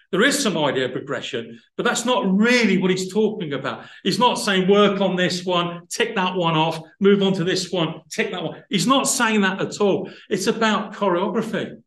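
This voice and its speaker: A man's voice: high-pitched, animated, normal speed, few pauses, a bit bright, echoey room, poor audio. A man preaching a sermon, explaining word roots thoughtfully and building to emphatic passages.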